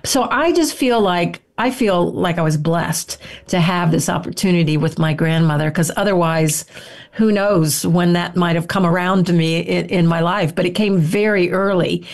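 Older lady guest, lowish voice, rambles and restarts a lot, chatty storytelling. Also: moderate pace, gravelly. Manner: warm, rambling, with frequent self-restarts and "you know". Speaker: guest herbalist and author. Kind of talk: casual storytelling interview answer.

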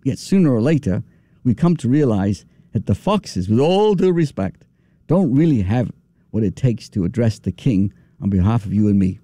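A rabbi giving an animated, folksy sermon with restarts. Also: male voice, on the low side, normal speed, dry recording, clean studio sound. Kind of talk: sermon with storytelling.

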